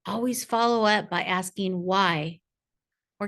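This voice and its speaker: A woman's voice: mid-range voice, unhurried, fairly bright tone. A woman narrating a parent workshop as a reading coach, in a patient, encouraging teacher tone. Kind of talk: scripted instructional narration.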